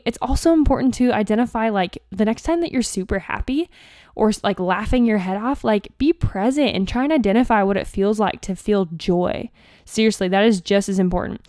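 A woman hosting her own podcast as a coach, talking casually in a chatty, upbeat way with slang and quick asides. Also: medium pitch, smooth, dry recording, clean studio sound. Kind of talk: casual solo podcast talk.

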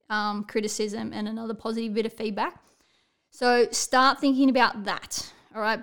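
A woman coach talks straight to camera in a blunt, no-nonsense way, dropping casual swears. Her voice sits a little high and comes through smooth and clear. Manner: blunt and direct, swears casually, keeps checking in with "all right?". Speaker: sports coach. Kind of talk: motivational talk to camera.

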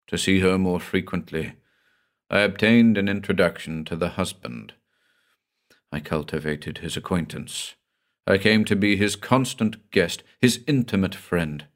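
A man reads the part of a middle-aged doctor eaten up by guilt. He confesses in a low, slow, intense voice, agitated and brooding in a dark storybook reading.

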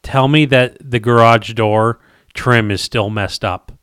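A man's voice: medium pitch, fairly even intonation, takes it slowly, a bit bright, smooth, no room sound, clean studio sound. A man co-hosting a casual chat, breaking in with jokes and questions. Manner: jokey, interjects with wisecracks.

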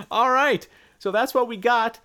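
A man's voice: a little high, a bit bright. A man co-hosting a podcast in casual chat, playful and jokey. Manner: playful, jokey, puts on silly voices. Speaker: podcast co-host.

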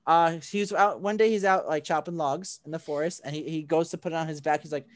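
A man's voice: on the high side, steady tone, a little fast. A man in casual chat, recapping a film with lots of fillers and restarts and acting out quotes as he goes. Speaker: co-host recapping an anime film.

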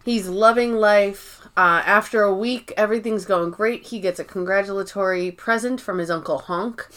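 A woman's voice: medium pitch, moderate pace, a bit bright. Casual, cursing woman podcast co-host. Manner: loose and profane, laughs while recapping. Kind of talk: casual chat recapping episodes.

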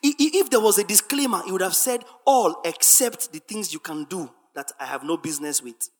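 A preacher delivering a sermon with emphatic repetition, dropping to quiet asides and rising to shouted, sing-song refrains. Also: medium pitch, expressive, brisk, long reverb tail.

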